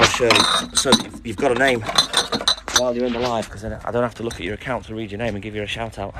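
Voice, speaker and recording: A man chatting live from his milk round, reading out viewer comments and giving friendly shout-outs by name. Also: medium pitch, very noisy. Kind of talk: casual live-stream chat reading out comments.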